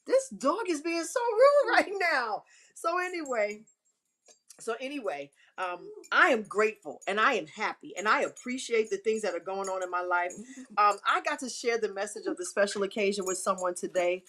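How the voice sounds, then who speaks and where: A woman's voice: mid-range voice, expressive, a little fast, pushed and bright. A middle-aged woman hosting a live stream, giving emphatic, repetitive, churchy encouragement. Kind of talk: inspirational live-stream talk.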